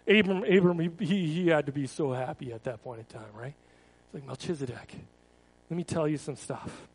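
A man's voice: high voice, rough recording. A male pastor giving a conversational sermon, casual and repeating words, often asking the congregation questions.

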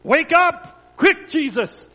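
A man shouting as terrified fishermen in a storm. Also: very high voice, expressive, slow pace, pitched above the performer's own voice, heavily acted. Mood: panicked. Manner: shouting, frantic pleading. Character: panicked group of fishermen friends. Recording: long reverb of a church hall.

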